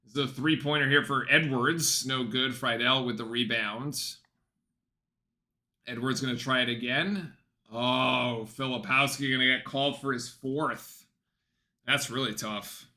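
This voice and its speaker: A man at home giving casual, excitable live play-by-play commentary on a basketball game for his stream. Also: medium pitch, unhurried. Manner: chatty, excitable, breaks off to talk softly to his dog.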